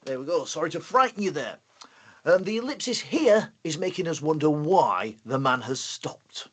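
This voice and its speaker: A man with a Yorkshire accent presenting a playful, excitable live online lesson for primary school children. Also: on the high side, moderate pace, slightly rough.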